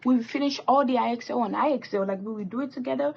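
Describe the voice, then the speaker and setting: A teenage girl telling a rambling, animated story while doing her makeup, with swearing and asides. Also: fairly high pitch, rapid-fire, vocal fry, husky, highs cut off. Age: teens. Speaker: vlogger. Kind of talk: chatty get-ready-with-me story time.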